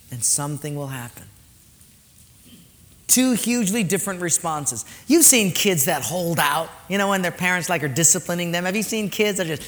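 A man preaching a sermon, animated, swinging from loud storytelling to soft, quiet points. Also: sits high, moderate pace. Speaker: pastor. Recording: long hall reverb.

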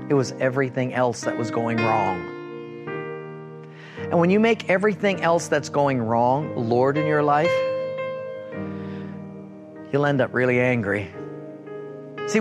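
A middle-aged man preaching a sermon, telling a personal story and acting out an argument in a raised, animated voice. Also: fairly high pitch. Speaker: pastor.

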